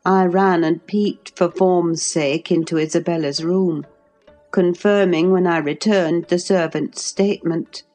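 Woman reading an audiobook, measured. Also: lowish voice, fairly even intonation, mellow, faint music behind. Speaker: audiobook reader. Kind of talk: audiobook narration.

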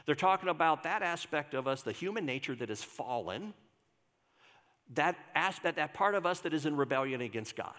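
A man's voice: on the high side, lively intonation, normal speed, a bit bright, in a large hall. An older man, a pastor, giving a conversational sermon and asking the congregation questions. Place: church sanctuary.

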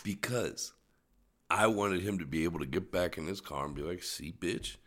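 A man's voice: low-pitched, moderate pace, fairly bright tone. A man co-hosting a podcast, telling a crude, profanity-laden story in casual chat. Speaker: podcast co-host.

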